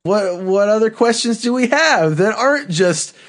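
A man on a comedy podcast, deadpan and pedantic, quizzing the others. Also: high voice, moderate pace. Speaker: podcast co-host. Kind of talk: improv comedy chat.

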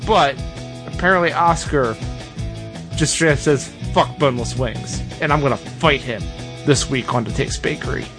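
A man hosting a comedy podcast, talking in an exasperated, mock-outraged, animated way. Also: mid-range voice, moderate pace, loud music behind the voice. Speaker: podcast host.

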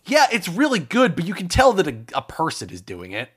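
Man co-hosting a comedy podcast, lively pitch swings, playful rambler. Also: brisk, husky. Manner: animated, rambling, playful questions. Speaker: podcast co-host. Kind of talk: casual comedy chat.

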